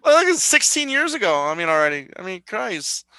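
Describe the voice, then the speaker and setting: A man co-hosting a podcast, chatting in a relaxed, agreeable way. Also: high-pitched, brisk, clean tone, dry recording, rough recording. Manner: relaxed, agreeable, lots of fillers and backchannels. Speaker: podcast co-host. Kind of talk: casual chat.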